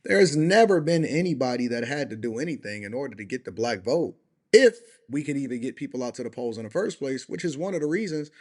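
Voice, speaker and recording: A man with hosting a reaction commentary show, emphatic and preacherly, swinging from loud to soft. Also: a little high, sing-song, fairly quick. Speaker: commentary channel host.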